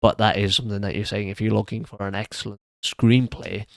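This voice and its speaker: Low-voiced hesitant male film reviewer. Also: little pitch movement, fairly quick, vocal fry, dry recording. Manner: hesitant, many restarts and fillers. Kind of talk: casual solo video commentary.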